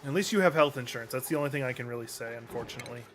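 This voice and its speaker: A man talks loosely to his stream audience while playing a survival game. His voice sits at a middle pitch and stays relaxed and conversational. A steady hiss of noise runs behind him. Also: very fast. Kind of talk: casual chat while gaming.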